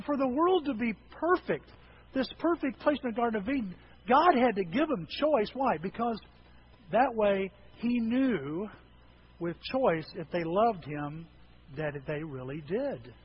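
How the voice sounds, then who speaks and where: A man delivers a humorous sermon in a folksy storytelling way, his voice pitched high for a man. The recording is a little dull, with a faint hiss behind him. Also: animated, measured pace. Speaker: preacher.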